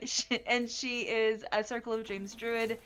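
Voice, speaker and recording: A woman playing in a tabletop game, relaxed and often laughing. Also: on the high side, slow, faint music behind. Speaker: player. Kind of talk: casual tabletop game chat.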